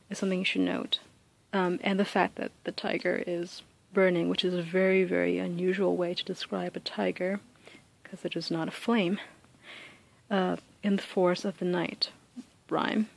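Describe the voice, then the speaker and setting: A woman giving a casual spoken lesson, thinking aloud with many ums and uhs and reading poem lines slowly and deliberately. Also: on the low side, creaky, rough recording. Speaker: teacher explaining close reading.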